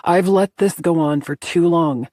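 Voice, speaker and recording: A woman voicing a commanding alpha man who speaks low, firm and insistent. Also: normal speed, creaky, mellow, husky, dry recording, clean studio sound, exaggerated voice. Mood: stern.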